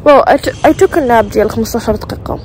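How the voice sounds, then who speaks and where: A woman's voice: a little high, rapid-fire, a little mellow, slight background noise. Chatty young Moroccan woman vlogging. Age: young adult. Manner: chatty, switches between English, French and Darija. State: tired and sleepy. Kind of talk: casual vlog mixing languages.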